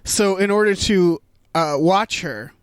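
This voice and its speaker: A man's voice: sits high, takes it slowly, clean tone, no room sound. A man co-hosting a podcast in loose casual chat, rambling with lots of fillers and swearing freely. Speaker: podcast co-host.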